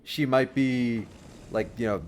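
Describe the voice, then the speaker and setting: A man's voice: mid-range voice, fairly even intonation, takes it slowly, slight background noise. A young man chatting casually on a game livestream, rambling and friendly as he gives dating advice to his chat. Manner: rambling and friendly, with many restarts and chuckles.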